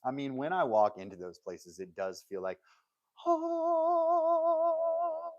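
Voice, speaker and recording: Male live-stream host, low-pitched, dry close sound, loose jokey banter aimed at his chat. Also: expressive, fairly quick, darkish tone, no room sound, lo-fi sound. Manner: joking, rambling, laughs often and talks straight to chat. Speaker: livestream host. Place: home woodworking workshop.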